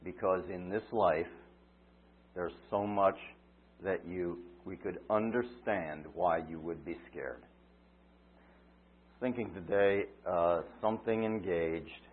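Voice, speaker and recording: A man preaching a sermon, retelling a story dramatically, swinging from loud cries to quiet asides. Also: low-pitched, takes it slowly, long pauses, breathy edge. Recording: tinny phone-like line.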